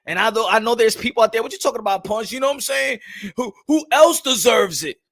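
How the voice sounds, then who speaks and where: Hyped and shouting at a quick pace, a young host runs a live-streamed boxing morning show in a very high-pitched voice. His talk is peppered with street slang and Spanish phrases.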